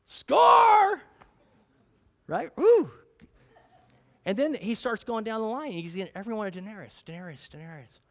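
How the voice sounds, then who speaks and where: A male pastor delivers his sermon casually in a rich, high, animated voice that jumps up and down. He talks fast with few pauses and keeps quizzing the congregation.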